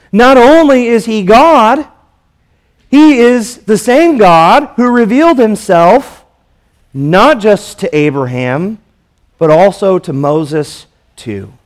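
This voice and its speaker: A man preaching a sermon as pastor, in a measured way with rhetorical questions to the congregation. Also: high-pitched.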